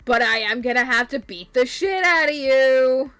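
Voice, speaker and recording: A swaggering, foul-mouthed male angel with a cocky taunt in every line, as a woman puts him on. The voice rides a little high and comes out loud and brash. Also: moderate pace, smooth, no room sound, faint music behind.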